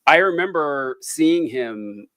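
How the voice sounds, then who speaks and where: A man in his thirties hosting a casual chat with his brother, relaxed and laughing often. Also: fairly high pitch, slow pace, dry recording, studio quality. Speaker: podcast host.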